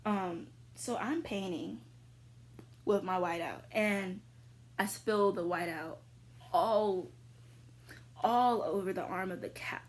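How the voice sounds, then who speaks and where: Unhurried chatty young woman. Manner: chatty, filler-heavy, with sudden high squeals. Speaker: vlogger answering viewer questions. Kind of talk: casual chat.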